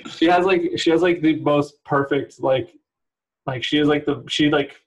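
A man's voice: fairly high pitch, moderate pace, a little hiss or hum, poor audio. A man from San Francisco chatting as a podcast guest, telling rambling stories with many fillers and laughs. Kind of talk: casual chat.

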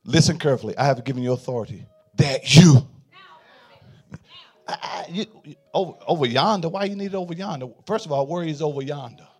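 A male pastor preaching a sermon in a call-and-response style, swinging from quiet murmurs to fervent shouts. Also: a little high, brisk, breathy edge.

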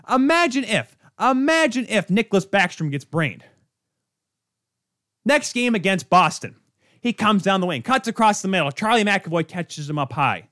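A man's voice: a little high, fairly bright tone, dry recording, studio quality. A man hosting a sports podcast, ranting in an exasperated, sarcastic way. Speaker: podcast host. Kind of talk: heated sports rant.

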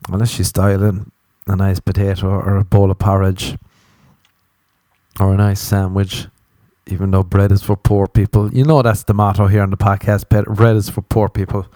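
A man's voice: deep voice, little pitch movement, moderate pace, warm tone, no room sound, clean studio sound. Sweary, rambling Irish man. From Ireland. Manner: rambling, sweary and self-mocking. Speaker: podcast host. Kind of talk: casual comedic monologue.

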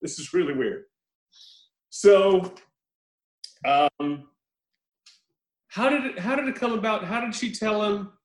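An animated man recaps a story in casual podcast chat, laughing and swearing as he goes. His voice sits a bit high for a man. The recording has a noticeable roomy echo. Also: slow, long pauses. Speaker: podcast host reviewing a film.

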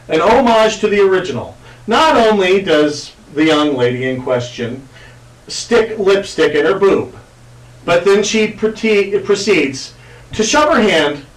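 A man's voice: high-pitched, distant mic. A man hosting a podcast, rambling crudely with lots of fillers, in an echoey room away from the mic. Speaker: podcast host. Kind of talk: casual chat.

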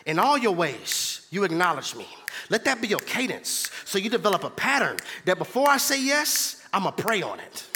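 A man's voice: high-pitched, sing-song, moderate pace, pushed and bright, long reverb tail, slight background noise. A man preaching a sermon as pastor in a church, emphatic and repetitive, calling out to the congregation. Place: church sanctuary.

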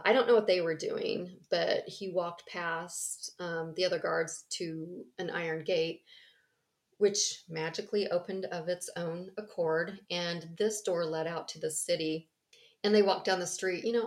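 A woman casually retelling a story in a rambling, animated way, laughing often and acting out the voices. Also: fairly low pitch. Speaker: podcast co-host.

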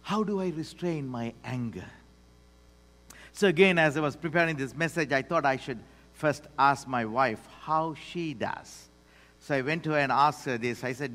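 A man preaching a sermon as pastor, swinging between loud declarations and hushed asides. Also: on the high side, normal speed. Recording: long hall reverb.

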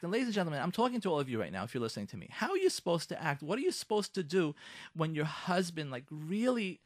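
A man hosting a radio talk show, speaking in a lively way, acting out both sides of arguments and mixing in Hebrew and Yiddish terms. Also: on the high side, fast, no room sound, clean studio sound. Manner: lively, acts out both sides of quarrels in shifting voices. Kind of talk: animated radio talk with acted scenarios.

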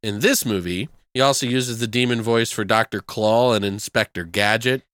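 A man's voice: fairly low pitch, moderate pace, fairly bright tone, dry recording, clean studio sound. A man co-hosting a movie podcast, talking casually and joking, swearing freely as he riffs. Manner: laid-back, swears freely, jokes and riffs. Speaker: podcast co-host reviewing movies. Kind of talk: casual chat.

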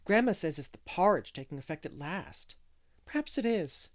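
A man's voice: high voice, big pitch swings, moderate pace. A man voicing an earnest, thoughtful young boy. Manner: earnest, sighing.

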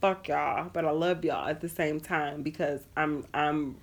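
A woman co-hosting a podcast in casual chat, blunt and profane, ranting fast. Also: sits low, steady tone. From Puerto Rican side. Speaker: podcast co-host.

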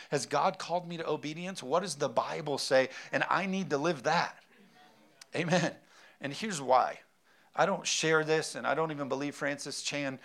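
A man's voice: on the high side, a bit bright. Emphatic male preacher. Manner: emphatic preaching with repeated amens and rhetorical questions. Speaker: pastor. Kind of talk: sermon.

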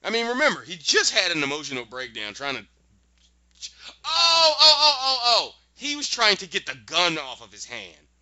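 Male podcast host, casual recap, lively storyteller, sharp bright tone, dry lo-fi sound. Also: on the high side, no echo. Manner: animated storyteller with quick asides.

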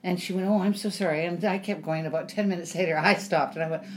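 A woman's voice: fairly low pitch, steady tone, quick pace, slight background noise. A woman actor chatting as an interview guest, telling stories with many ums and acting out what people said. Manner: chatty storyteller with frequent ums, acts out quotes. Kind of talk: casual interview chat.

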